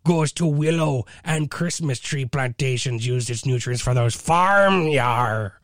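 A man voicing a gruff male pirate who runs a brewery, growling "yar" at the end of his phrases in a jokey mock quote. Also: mid-range voice, a little slow, dry recording, studio quality, lightly acted. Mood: hammy.

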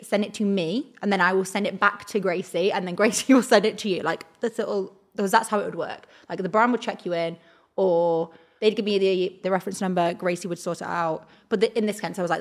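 A young woman, a talent agent, telling an animated story on a podcast. She acts out the quoted dialogue in her own voice and fills her sentences with "like." Her voice sits at a mid pitch. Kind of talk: casual storytelling chat.

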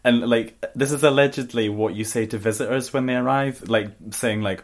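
A young woman from co-hosting a chatty podcast. Her voice sits quite low, and she talks in loose, rambling runs, full of likes and self-corrections. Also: normal speed. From Scotland, near Bathgate. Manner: chatty, many likes and restarts. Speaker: podcast co-host. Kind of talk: casual chat.

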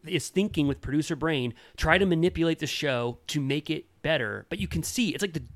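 A man co-hosting a podcast in casual chat, animated and blunt, swearing often and mimicking people in a high voice. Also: fairly quick. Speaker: podcast co-host.

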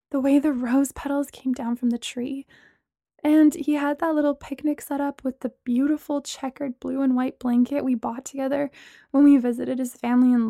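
A woman reading the part of a heartbroken young woman speaking softly and waveringly. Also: high voice, no room sound, studio quality.

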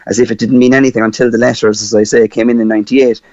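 A man's voice: mid-range voice, rapid-fire, dry recording. Cork-accented man in his thirties, guest telling a story with feeling, dry muffled recording. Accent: Cork Irish. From Ireland. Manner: animated, laughing storyteller with many fillers. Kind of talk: personal storytelling.

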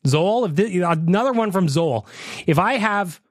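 Animated swearing podcast host. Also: male voice, high voice, measured pace, no room sound, studio quality. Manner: animated, swearing, mock outrage. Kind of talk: casual podcast chat.

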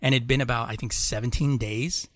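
A man's voice: mid-range voice, steady tone, a little fast, fairly bright tone, no room sound, clean studio sound. A man co-hosting a casual podcast, rambling through stories, swearing casually and laughing often. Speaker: podcast co-host. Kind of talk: casual chat.

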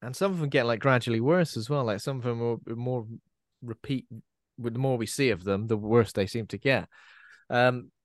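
A man's voice: mid-range voice, moderate pace, no echo. Dry-sounding man hosting a film chat. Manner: conversational, often ends with tag questions. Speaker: podcast host. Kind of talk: casual film discussion.

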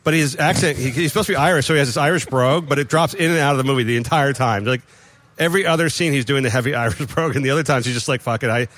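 Fast talking guy, casual bar chat, opinionated, swears a bit. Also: mid-range voice, fairly bright tone, dry recording.

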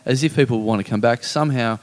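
A man's voice: mid-range voice, fast talker, big-room sound. A man hosting a live podcast, chatting casually and rambling with many restarts and swearing. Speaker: podcast host and festival organiser.

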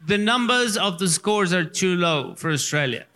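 A man from Venezuela with a Venezuelan Spanish accent, a native Spanish speaker, telling animated stories as a guest on a live comedy panel, repeating words and swearing freely. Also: high voice, normal speed. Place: festival stage before an audience. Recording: live stage with long hall reverb.

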